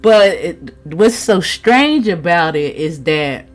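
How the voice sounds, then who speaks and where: A woman's voice: lowish voice, lively intonation, slow. A woman giving a casual, frank tarot reading commentary, chatting, swearing freely and laughing often. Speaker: tarot reader.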